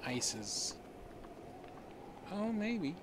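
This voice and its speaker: A man's voice: sits high, sing-song, drawn-out words. Playful man chatting over game noise. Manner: playful, jokey, talks to himself while playing. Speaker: gaming streamer. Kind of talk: casual let's-play commentary.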